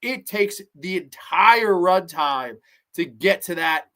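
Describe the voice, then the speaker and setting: A man hosting a podcast, chatting casually about a film in a rambling, excitable way and swearing often. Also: sits high, slow pace. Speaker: podcast host. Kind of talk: casual movie review chat.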